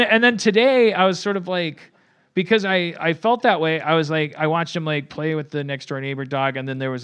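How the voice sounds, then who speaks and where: A man hosts a podcast and spins a long, meandering anecdote, cursing freely and mocking himself as he goes. His voice is bright and a little high for a man, and he keeps restarting his sentences as he talks. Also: smooth. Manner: rambling, profane, self-mocking, many restarts. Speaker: podcast host. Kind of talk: casual rambling storytelling.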